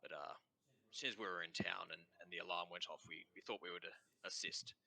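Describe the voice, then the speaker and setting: This is a man doing a courteous Australian soldier who is friendly and polite but halting, full of little fillers. His voice is very deep and gravelly, with a hard, bright edge. It is a tabletop game character voice. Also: fairly even intonation, exaggerated voice. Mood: curious. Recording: dull remote-call sound.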